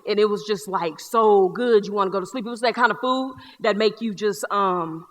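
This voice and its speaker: A woman's voice: mid-range voice, normal speed, natural voice. A woman playing a joking Southern man on a live stage. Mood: nostalgic. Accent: Southern US (North Carolina). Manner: streetwise slang, joking, lively storyteller. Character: boisterous young Black man recalling Kool-Aid. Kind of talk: one-person stage show. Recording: live theater hall reverb.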